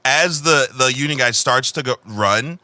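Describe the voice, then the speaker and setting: A man's voice: mid-range voice, a little slow, bright, forceful tone, no room sound. A man narrating a tabletop game as game master, loose and profane, often restarting sentences.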